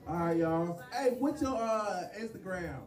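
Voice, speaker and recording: Man, stand-up host, a touch high, roomy hall with music behind, heard from a distance. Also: lively intonation. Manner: loose, joking, quick bursts with laughs. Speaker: comedy show host. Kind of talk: stand-up comedy. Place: live venue stage.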